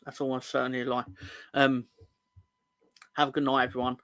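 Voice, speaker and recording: A man's voice: mid-range voice, level tone, brisk, a bit bright, no echo. A man co-hosting a football podcast, casually reading out viewer comments in a rambling, joking way, swearing and correcting himself as he goes.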